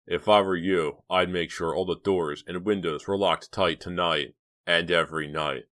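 A man voicing a reckless teenage boy prankster in an audiobook, with slow, drawn-out, menacing delivery. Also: low voice, steady tone, fairly bright tone, no echo, clean studio sound. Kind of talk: audiobook character voice.

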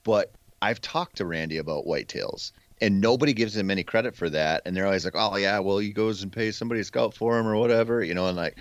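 A man with a very low voice tells relaxed hunting stories, slipping in "man" and "freaking". The sound is dry and a little dull, like a lo-fi podcast mic. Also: fast talker, hardly any pauses, no room sound. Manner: easygoing storyteller, says man and freaking. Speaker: podcast guest. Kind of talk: casual hunting talk.

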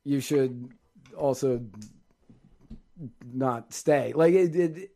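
A man's voice: mid-range voice, very slow, dark tone. A man co-hosting a live show, chatting in a joking, wry way. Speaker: podcast co-host. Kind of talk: casual live show banter.

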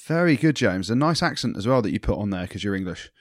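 A man's voice: fairly low pitch, very animated, fast, no room sound, studio quality. A man co-hosting a casual podcast, teasing his co-host and steering the talk. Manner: teasing, leading banter.

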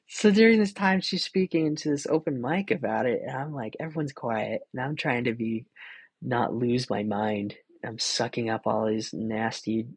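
A man's voice: medium pitch, vocal fry, breathy edge, dry recording, rough recording. A man in his twenties telling a personal faith story in a casual, earnest, rambling way, full of fillers and little laughs. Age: 20s. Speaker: podcast host.

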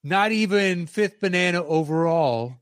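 A man's voice: high voice, expressive, unhurried, no room sound, studio quality. Man chatting eagerly about films. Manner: enthusiastic, rambling with restarts. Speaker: podcast co-host. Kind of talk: casual film discussion.

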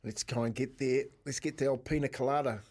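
A man's voice: mid-range voice, steady tone, a little fast, darkish tone. A man co-hosting casual sports radio banter, playful and mock-exasperated. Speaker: radio co-host.

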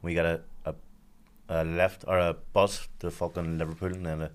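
A man's voice: deep voice, flat delivery, normal speed. A man with a Belfast accent, a podcast guest chatting casually in a blunt, sweary, self-mocking way. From Northern Ireland. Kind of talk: casual chat.

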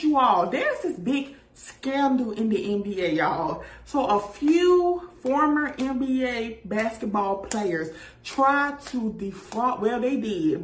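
A woman hosting a casual gossip chat, animated and sassy, often laughing as she talks to her viewers. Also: mid-range voice. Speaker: gossip show host. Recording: echoey room.

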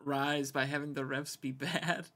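A man's voice: mid-range voice, steady tone, unhurried, sharp tone. A man co-hosting casual sports talk, laid-back and hesitant, with many fillers.

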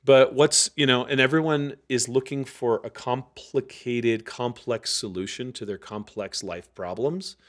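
A man, a guest author, talking casually in an interview and acting out quoted voices with lively energy. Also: mid-range voice, unhurried, hardly any pauses. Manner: animated, acts out quoted voices.

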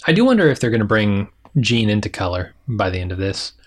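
A man's voice: on the low side, sing-song, fast talker. A man co-hosting a casual TV recap podcast, talking things through thoughtfully with light puns. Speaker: podcast co-host.

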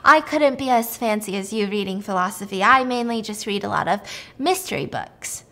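A woman voicing a quiet, hesitant male doctor in a story recap. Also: mid-range voice, lively intonation, brisk.

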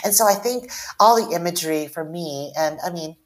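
An author in her forties, originally from Taiwan, speaks on a podcast with a voice sitting a bit low for a woman. She is earnest and reflective. She shapes each thought in measured phrases, whether chatting or reading her own poem aloud. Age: 40s. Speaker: author guest.

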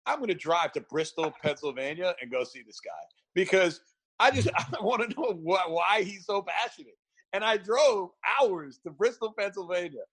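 A man's voice: high-pitched, normal speed, breathy edge. A man telling stories in a casual chat, laughing often and acting out quotes. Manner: animated storyteller, laughs often, acts out quotes. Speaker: guest, barber event founder.

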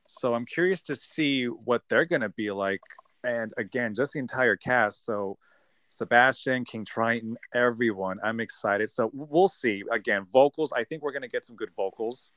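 A man co-hosting a podcast in casual chat, who sounds excitable and gasps and laughs often. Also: medium pitch, moderate pace, dry recording. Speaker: podcast co-host.

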